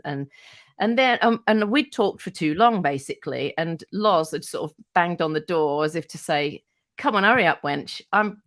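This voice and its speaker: A talkative woman in her forties, a radio presenter telling stories as a podcast guest. Her voice sits a bit low, and her delivery rambles with fillers, restarts and casual swearing. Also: no room sound. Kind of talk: casual anecdotal chat.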